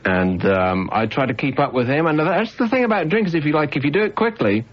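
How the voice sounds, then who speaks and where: A man's voice: fairly high pitch, animated, fairly quick. A man from the UK hosting a late-night radio phone-in, talking in a wry, teasing, rambling way. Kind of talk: casual radio phone-in chat. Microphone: studio microphone. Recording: dull 1990s radio broadcast with faint hiss.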